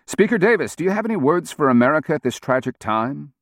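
A man's voice: on the high side, sing-song, fast talker, dry recording, clean studio sound, voice pushed up. A man voicing a male television news anchor with a broadcast-style delivery. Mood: urgent. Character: male TV news anchor, smooth but rattled.

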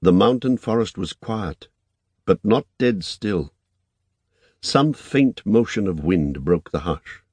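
A man narrating an audiobook in a calm, measured reading. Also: on the low side, breathy edge, dry recording.

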